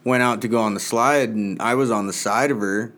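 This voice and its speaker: A man in his thirties and father of young girls, chatting casually and acting out his own yelled warnings in a high voice. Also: brisk. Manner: storytelling, acts out his own shouts in a high voice. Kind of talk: casual chat.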